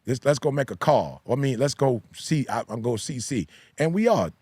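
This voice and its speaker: A man's voice: medium pitch, expressive, normal speed, a little mellow, slightly rough, no room sound. A man who is a pastor and podcast host, talking in a casual discussion with an emphatic, repetitive preaching cadence. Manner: emphatic, repeats key phrases like a preacher.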